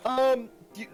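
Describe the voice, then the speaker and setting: A man narrating and ruling as game master of a live-streamed tabletop game, with a loose manner full of restarts. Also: very high voice.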